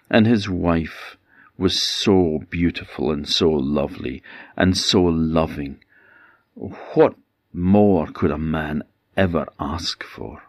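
A man with an Orkney Scottish accent telling a folktale in a gentle storyteller's cadence that likes to repeat itself. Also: low-pitched, dry recording, clean studio sound. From Orkney Islands, Scotland. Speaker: traditional storyteller.

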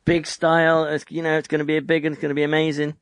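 A man's voice: fairly high pitch, monotone, very fast, dry recording. A man co-hosting a casual podcast, mostly giving brief reactions and short remarks. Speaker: podcast co-host. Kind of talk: casual chat.

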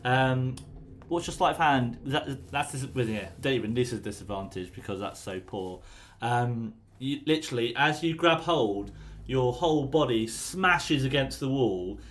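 A man's voice: mid-range voice, expressive, measured pace, slight background noise. A man running a tabletop game in a chatty, stumbling, apologetic way. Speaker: game master.

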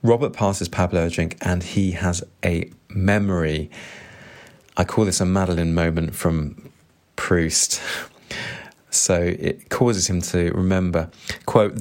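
A deep-voiced man reads long passages from a novel aloud. Between the readings he comments on them in a measured, reflective way. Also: fairly even intonation, a little mellow. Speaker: literature commentator.

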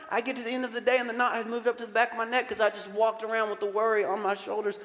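A male pastor preaching a lively, conversational sermon and often putting questions to the congregation. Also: high voice, racing, few pauses, in a large hall. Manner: animated, conversational, asks the crowd questions.

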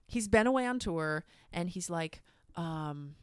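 A woman's voice: on the low side, measured pace, clear, resonant tone, no room sound, studio quality. A young woman telling a personal story in casual chat, candid and full of swearing. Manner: candid, profane, animated storytelling. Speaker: guest.

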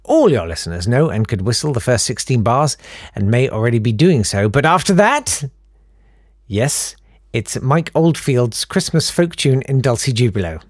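A man's voice: medium pitch, sing-song, normal speed, no echo. A man hosting a podcast in a casual chat, reading out listener emails with chatty, self-deprecating, rambling asides. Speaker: podcast host.

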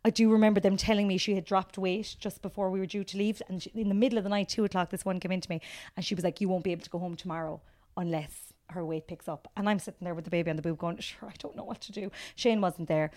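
Animated Cork woman telling stories. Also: fairly low pitch, quick pace. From Ireland. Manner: animated storyteller, acts out quotes. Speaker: guest comedian. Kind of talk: casual chat.

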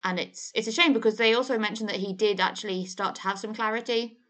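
A woman co-hosting a relaxed movie podcast, her voice sitting at an ordinary middle pitch. She talks in a chatty, blunt way, swears freely, and often trails off and restarts mid-thought. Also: fast talker. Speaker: podcast co-host. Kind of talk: casual film chat.

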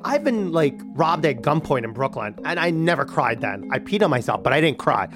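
Animated man telling his own story. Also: a little high, over music. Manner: animated, halting, many restarts. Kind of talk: personal storytelling.

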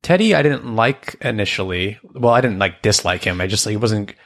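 A man's voice: lowish voice, expressive, a bit bright. A man co-hosting a podcast, chatting casually and rambling as he recaps a cartoon episode. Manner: chatty, rambling, does quick character impressions. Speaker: podcast co-host.

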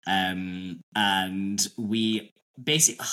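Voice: medium pitch, lively intonation, a little slow, fairly bright tone. A podcast co-host, chatting casually in a rambling way full of fillers and swearing. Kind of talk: casual chat.

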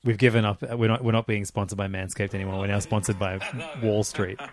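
A young man co-hosting a podcast, chatting casually with wry, deadpan quips. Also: lowish voice, a little fast, crowd noise. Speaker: podcast co-host. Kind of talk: casual chat.

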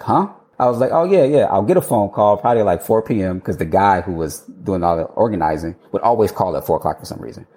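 A man, an architect guest on an interview show, telling his story in a lively, casual way, acting out his own past lines, laughing and swearing freely. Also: low-pitched. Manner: animated, quotes himself, swears and laughs freely.

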